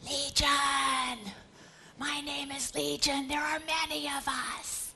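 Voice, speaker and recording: Demon horde, pleading and desperate, high and strained, sometimes whispered; a woman puts it on during a Bible lecture. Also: flat delivery, slow, creaky, sharp tone, soft background music, full character voice. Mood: hushed menace.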